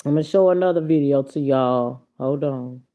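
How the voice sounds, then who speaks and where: A woman hosting a live stream, reacting to clips and chatting with viewers in a blunt, profane, animated way. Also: a bass voice, moderate pace, lo-fi sound. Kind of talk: casual live-stream commentary.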